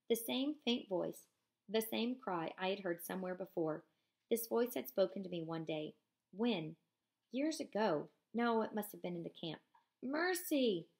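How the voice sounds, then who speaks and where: A woman teacher reading a novel aloud in a measured voice, pausing for casual comments to her class. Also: medium pitch, creaky, darkish tone.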